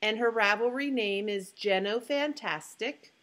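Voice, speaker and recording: A woman's voice: fairly high pitch, a little slow, very noisy. A woman co-hosting a knitting podcast, chatting casually and announcing giveaway winners in an upbeat way. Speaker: podcast co-host.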